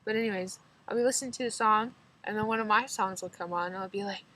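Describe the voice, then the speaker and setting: A woman's voice: mid-range voice, fast talker, fairly bright tone, rough recording. Chatty teen girl with a slight drawl. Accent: slight rural drawl. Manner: chatty, rambling, giggly, lots of "like". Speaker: vlogger. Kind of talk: casual chat to camera.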